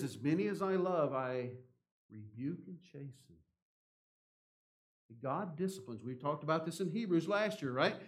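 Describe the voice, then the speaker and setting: An older man preaching a sermon, a pastor whose delivery swings from loud emphasis to quiet, intense passages. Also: medium pitch.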